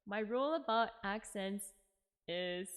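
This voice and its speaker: A woman's voice: mid-range voice, a little slow, clean tone. A woman streamer chatting casually while reading a game, giggly and self-mocking. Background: game music.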